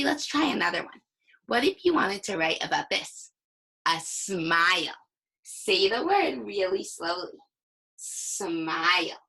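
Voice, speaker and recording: A young woman talks a class of small children through a reading lesson, taking her time and sounding out each word. Her pitch swings up and down all the time. There is a gravelly, husky edge to her voice. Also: poor audio. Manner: slow, animated, sounds out words. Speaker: teacher.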